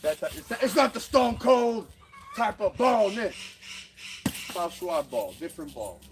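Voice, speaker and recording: Man, rambling and profane, winded from bagwork; very lively delivery; outdoor take with heavy farm-animal noise. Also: high-pitched, measured pace, vocal fry. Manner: loose, rambling, swears freely, laughs often. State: breathing hard from boxing bagwork. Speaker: fitness vlogger. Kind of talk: casual rambling talk during a workout. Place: outdoor home gym under trees on rural land. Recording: loud outdoor background with roosters and dogs.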